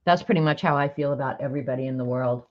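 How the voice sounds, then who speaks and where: A woman's voice: a bass voice, very fast, lo-fi sound. A woman hosting a live stream in casual chat, talking freely and laughing often. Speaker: livestream host.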